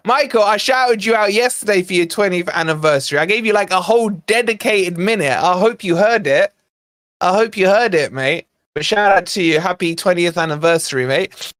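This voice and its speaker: A man's voice: sits high, fairly bright tone, dry recording, studio quality. A man hosting a football watch-along stream, chatting, joking and mildly swearing to viewers. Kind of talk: casual live-stream chat and commentary.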